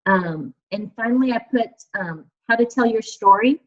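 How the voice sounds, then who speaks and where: A woman talks her team through business tips on a video call. She is chatty and encouraging and often pauses on fillers. The sound is dull and lo-fi, as computer call audio tends to be. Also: on the high side, animated. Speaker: team leader. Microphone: computer mic on a video call.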